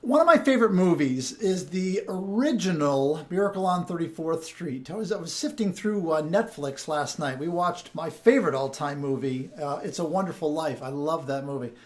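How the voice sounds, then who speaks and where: A man's voice: fairly high pitch, lively intonation, normal speed, few pauses. A man hosting a podcast of sales tips, talking in a chatty way and often restarting or repeating his words. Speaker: sales coach and podcast host. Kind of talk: casual podcast monologue.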